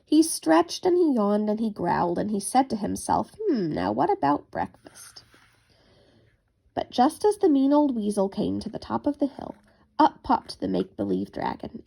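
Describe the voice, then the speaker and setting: Woman, bedtime story reading, gentle, expressive, gravelly voice, lively pitch.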